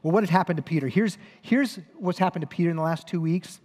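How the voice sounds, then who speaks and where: Pastor preaching in a reverberant hall. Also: male voice, a little high, fast, darkish tone. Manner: conversational storytelling with self-corrections. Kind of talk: sermon. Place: church hall.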